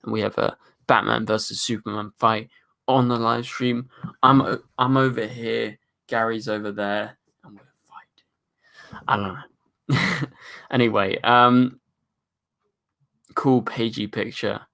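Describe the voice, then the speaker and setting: A man's voice: medium pitch, steady tone, unhurried, vocal fry, sharp tone. A young man hosting a casual livestream, reading chat questions aloud and rambling through his answers with plenty of fillers. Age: young adult. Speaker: livestream host.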